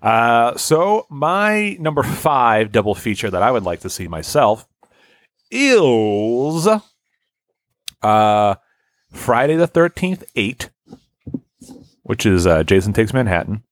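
A man's voice: mid-range voice, sing-song, slow, pauses often, no echo. A man co-hosting a casual podcast chat, with dry, wry humor. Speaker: podcast co-host.

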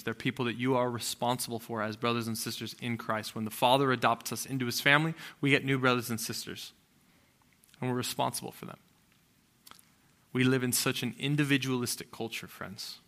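A man's voice: medium pitch, bright, forceful tone. A man in his thirties, a pastor preaching a sermon in a conversational, storytelling way that rises to emphatic peaks.

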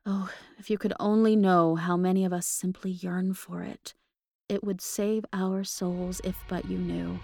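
A woman voicing a gentle male ghost who begs earnestly for love, in a slow, beseeching way. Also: on the low side, flat delivery, gravelly, no echo, faint music behind.

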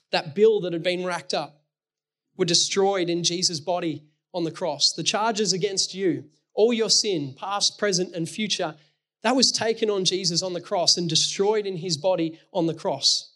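A man's voice: sits high, a little slow, sharp tone. A man delivers a sermon. He is earnest and direct, and he works through his points with everyday stories and Bible passages. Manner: earnest, explains with everyday illustrations and scripture. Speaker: preacher.

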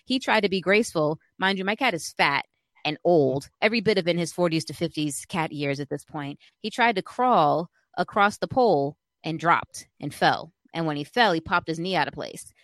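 A woman's voice: fairly low pitch, normal speed, no room sound. Chatty woman telling a story. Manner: animated, chatty, lots of fillers and acted-out quotes. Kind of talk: casual storytelling.

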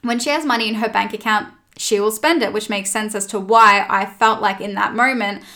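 Aussie woman hosting a chat, candid story, swears a lot, middle pitch. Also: fairly even intonation, a little fast, sharp tone. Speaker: podcast host. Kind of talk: casual chat.

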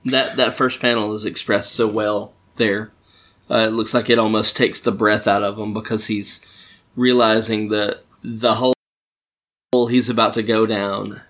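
A man's voice: lowish voice, flat delivery, a little slow, a bit bright. A man co-hosting a comic commentary track, chiming in with short reactions. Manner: brief reactive remarks, easy laughter. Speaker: co-host. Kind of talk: casual chat.

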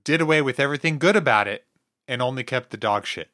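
A man co-hosting a casual podcast, quick with sardonic jokes and free with swearing. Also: mid-range voice, sharp tone. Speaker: producer and co-host.

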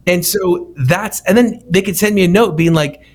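A man's voice: high voice, normal speed. A man with a slightly raised voice, chatting casually as he tells stories from the restaurant business. He slips into the voices of the people he quotes. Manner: storytelling, animated quoting of others. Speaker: restaurant feedback company founder. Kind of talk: casual podcast conversation.

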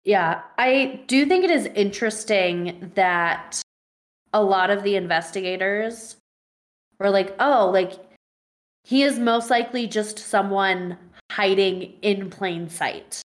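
A woman's voice: medium pitch, takes it slowly. Chatty woman in casual talk. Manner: chatty, uses lots of "like". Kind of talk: casual chat.

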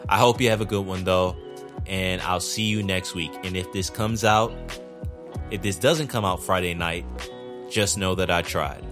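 Man, low voice, solo podcast host, rambling, profane, self-deprecating, faint background music. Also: fairly even intonation, moderate pace. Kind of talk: casual solo podcast monologue. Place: indoors at home, rainy night.

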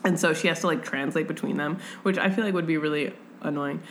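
A young woman co-hosting a casual book chat, lively and animated, acting out characters in quick voices and swearing freely. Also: low-pitched, slight background noise. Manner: swearing, lots of "like". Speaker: podcast co-host.

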